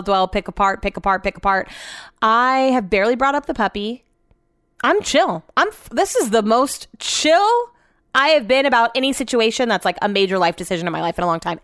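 A woman's voice: medium pitch, fairly bright tone, smooth, dry recording, clean studio sound. A young woman from the United States talking casually to her viewers, rambling and chatty with lots of filler words and casual swearing. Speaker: vlogger.

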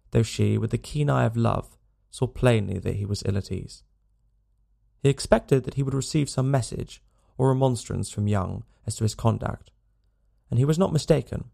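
Gravelly male audiobook narrator. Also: mid-range voice, dark tone. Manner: measured, dramatic storytelling.

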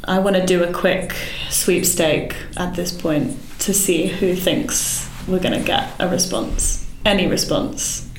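A woman's voice: lowish voice, steady tone, unhurried, few pauses, a little hiss or hum. A woman on a podcast production team chats in an easygoing, practical way during a team meeting. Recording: echoey room.

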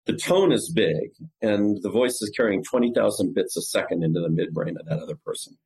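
A man's voice: fairly low pitch, brisk, gravelly, darkish tone, poor audio. A man, a company CEO, talking as a guest in a podcast interview and acting out cold-call lines in different voices. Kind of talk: podcast interview explaining sales technique.

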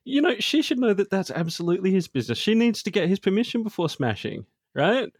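A man's voice: high-pitched, sing-song, fast, husky, no echo, studio quality. A man co-hosting a casual podcast, joking sarcastically. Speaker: podcast co-host. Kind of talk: casual chat.

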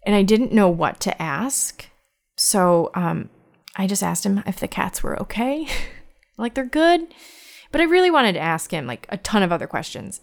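A woman's voice: mid-range voice, lively intonation, vocal fry. A woman telling a personal story in conversation, candid and reflective, often stopping and repeating words as she speaks. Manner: halting, restarts and repeats words.

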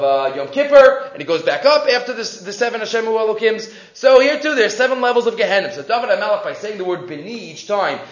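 A man giving a weekly Torah portion class, animated and acting out the quotes he reads. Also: sits high. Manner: animated, acts out quotes with rising voice; mixes Hebrew quotes into English. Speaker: Torah teacher. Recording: roomy, slightly dull recording.

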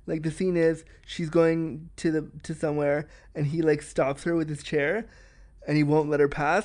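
A man hosting a podcast, giving candid, chatty commentary on a film in a frank, fast-talking way. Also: on the high side, level tone, darkish tone. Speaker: podcast host.

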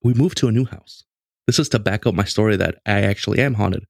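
A man in his late twenties casually telling a story in a lively, conversational way, with lots of restarts. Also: fairly low pitch, fast talker, gravelly, no room sound, clean studio sound. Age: late 20s.

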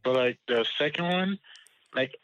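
A man on a podcast, telling a story in a halting, hesitant way. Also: medium pitch, fairly bright tone, no echo. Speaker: podcast guest. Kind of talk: casual chat. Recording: slightly dull lo-fi sound.

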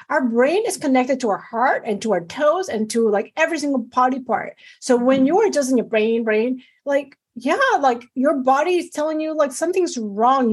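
A middle-aged woman physician talking in a casual interview, animated and emphatic, with many fillers. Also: sits high, slightly rough. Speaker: physician guest.

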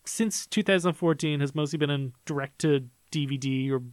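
Eager higher-voiced male film critic. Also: moderate pace, dry recording, studio quality. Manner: enthusiastic, analytical, many fillers like "like" and "um". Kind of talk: casual review discussion.

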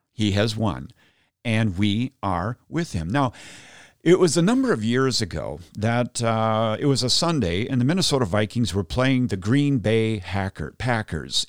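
Animated man giving a faith talk. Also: mid-range voice, no echo, studio quality. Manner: animated storytelling, acts out his own shouts. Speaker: podcast host. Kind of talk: Catholic teaching talk.

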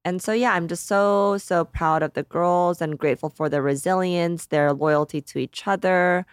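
A woman's voice: lowish voice, normal speed, clean tone, no echo, clean studio sound. A woman in her thirties co-hosting a podcast, chatting casually and emotionally, with lots of "like"s. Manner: emotional, grateful, rambling with many "like"s. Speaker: podcast co-host. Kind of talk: casual chat.

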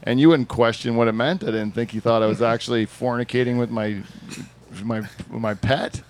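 A Canadian man with a Canadian accent rambles through jokey stories as the host of a casual talk show. He talks at an ordinary, middle pitch, restarting sentences and tossing in fillers as he goes. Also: steady tone, normal speed. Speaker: podcast host. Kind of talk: casual chat. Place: bar with a small studio audience.

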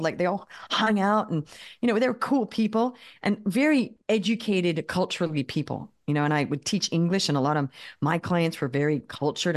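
A woman in her fifties, a podcast guest telling chatty anecdotes full of "like" and "you know.". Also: fairly low pitch. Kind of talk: casual storytelling interview.

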